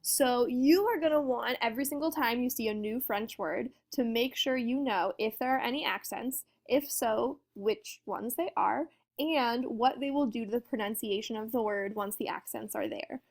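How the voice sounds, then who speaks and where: A woman's voice: a little high, normal speed, gravelly, hardly any pauses. A woman teaching a lesson in a friendly, explanatory way, often asking her students questions. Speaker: French teacher. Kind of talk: classroom lesson walkthrough.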